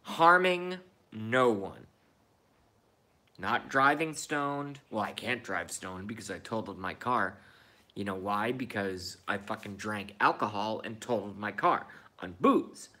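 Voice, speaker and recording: A man's voice: fairly low pitch, animated, unhurried, sharp tone. A man in his thirties ranting in a profane, repetitive and indignant monologue. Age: 30s. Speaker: vlogger.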